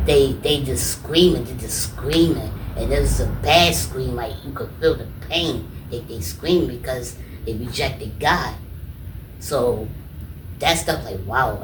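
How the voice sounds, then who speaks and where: A man's voice: medium pitch, background noise. A man being interviewed as a guest comedian and artist, telling stories casually and animatedly, often saying "you know what I'm saying" and acting out quotes. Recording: roomy, distant mic, faint ambience.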